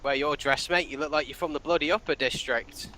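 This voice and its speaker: Streetwise cabbie, matey, bright tense voice, as a man puts him on. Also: fairly high pitch, fairly even intonation, a little fast, a little hiss or hum, voice pushed down. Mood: blunt. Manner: matey, calls everyone mate. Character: chatty streetwise male cab driver.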